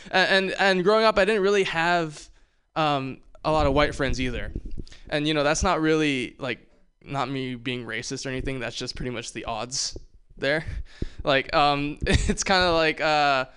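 A man telling a stand-up bit at an open mic, halting and stammering through restarts. His voice sits a little high and comes through very clean and crisp. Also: sharp tone. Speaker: stand-up comic.

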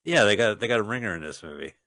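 A man with a fairly low but bright, punchy voice trades quips on a podcast. He talks casually and slips in goofy bits and one-liners. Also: animated, rapid-fire. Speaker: podcast co-host. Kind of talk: casual movie-riff chat.

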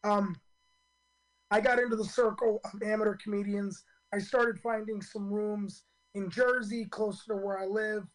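A hoarse man in his fifties, a stand-up comedian telling his story in a radio interview, earnest and full of ums and restarts. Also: sits high, level tone, normal speed, low-quality recording.

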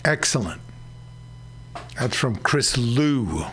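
A man hosting a community radio show, talking slowly and conversationally about labor news. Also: medium pitch, big pitch swings, a bit bright, slight background noise. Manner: slow, unhurried, conversational. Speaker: radio host.

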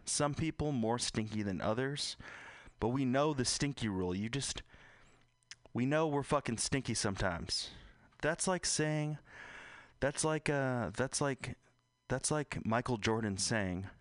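A man's voice: medium pitch, a little slow, no echo. A man hosting a radio show, chatting casually and rambling, swearing often and repeating himself as he hunts for words, on a studio mic. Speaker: radio host. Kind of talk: casual chat.

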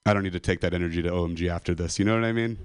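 A man's voice: sits low, racing, clear, resonant tone. A man from Modesto, California doing a stand-up comedy set. He rants with a lot of swearing and mocks himself. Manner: profane, self-mocking ranting.

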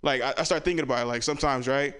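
A man's voice: fairly even intonation, racing, clean tone. A man performing a stand-up comedy set, telling stories and acting out the people in them. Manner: storytelling, acts out relatives with loud high voices.

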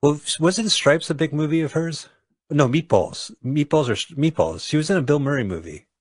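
A man's voice: on the high side, lively intonation, moderate pace, no echo, studio quality. A man co-hosting a radio show, chatting wryly about movies and trying to recall titles. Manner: chatty, wry, searching for memories. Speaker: radio co-host. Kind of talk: casual movie chat.

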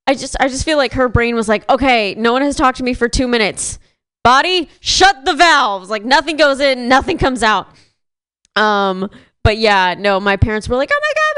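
A young woman in her twenties doing a rambling, deadpan stand-up set on a club stage mic. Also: a little high, smooth. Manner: deadpan, rambling, self-deprecating. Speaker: stand-up comedian.

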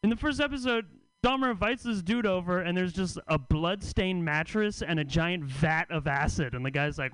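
A man doing stand-up at a comedy festival he helps run. His delivery is deadpan and teasing, with stammered restarts. His voice is high, bright and clear, close on a dry mic. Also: normal speed, no room sound, poor audio. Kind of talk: stand-up set. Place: comedy club stage.

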